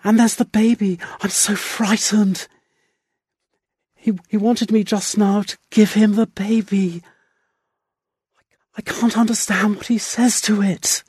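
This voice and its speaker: A man's voice: high voice, animated, takes it slowly, long pauses, warm tone, husky, no echo, clean studio sound, pitched above the performer's own voice, heavily acted. A man voicing a timid, frightened young country mother who stammers anxiously in an audiobook reading. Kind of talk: audiobook character voice.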